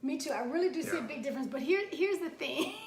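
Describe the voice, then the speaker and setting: A woman hosting a talk show, telling stories in an animated, playful way and laughing often. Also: sits high, quick pace, roomy sound, a crowd in the background. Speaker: radio show host. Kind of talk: casual chat.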